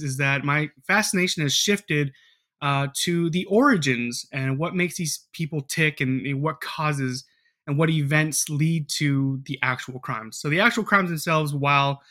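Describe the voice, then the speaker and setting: Fairly high-voiced rambling podcast host man. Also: bright, forceful tone. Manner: rambling, filler-heavy, profane storytelling. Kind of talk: casual podcast chat.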